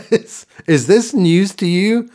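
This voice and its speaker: A man's voice: high voice, extremely slow. A man co-hosting a sports podcast, ranting in casual chat and laughing at himself. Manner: animated ranting, mock voices, laughs. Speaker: podcast co-host.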